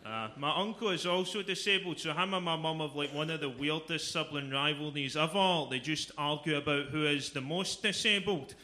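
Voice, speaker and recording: A young man with a Glaswegian accent performing a stand-up comedy set, delivering jokes in a dry, deadpan manner. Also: fairly high pitch, normal speed, hardly any pauses. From Scotland. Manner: deadpan delivery, breaks into loud exaggerated shouting for punchlines.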